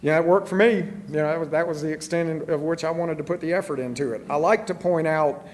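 A man's voice: a little high, fast, a little hiss or hum. A middle-aged man telling his own recovery story in a candid, self-deprecating way, with many fillers. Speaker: recovery speaker. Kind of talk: personal recovery talk.

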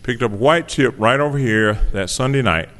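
A man of middle pitch tells his own story to a gathered audience in a relaxed, conversational way, with a wry, self-deprecating humor. His voice carries a long hall reverb, as if he is speaking in a big meeting room. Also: moderate pace. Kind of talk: personal testimony to a live audience.

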